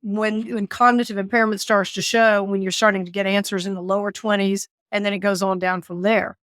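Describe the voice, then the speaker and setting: A woman guest recounts her experience with animated, expressive storytelling and frequent laughter. Her voice sits at a middle pitch. The sound is dry and close, with no room echo. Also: fairly quick. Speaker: guest, author and former caregiver. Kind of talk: storytelling interview.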